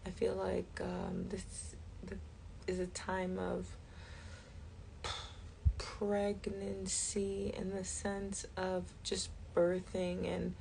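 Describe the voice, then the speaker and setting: A woman tarot reader chatting casually on a live stream, rambling and thinking aloud with soft whispered asides. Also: on the low side, monotone, drawn-out words, vocal fry, a little hiss or hum. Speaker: tarot reader and jewelry maker.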